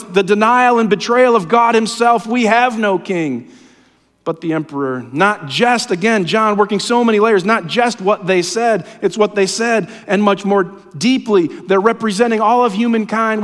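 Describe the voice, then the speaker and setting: A man preaching a sermon, impassioned and often dropping to a hushed, low voice. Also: moderate pace, hardly any pauses. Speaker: pastor. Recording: long hall reverb.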